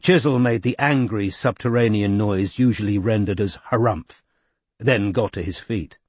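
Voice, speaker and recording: A man reading a novel aloud in even, measured scripted narration. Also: on the low side, breathy edge, no echo. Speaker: audiobook narrator.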